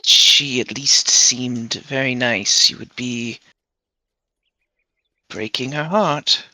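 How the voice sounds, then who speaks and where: A tabletop player speaking calmly and softly in character. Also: medium pitch, takes it slowly, no room sound, low-quality recording.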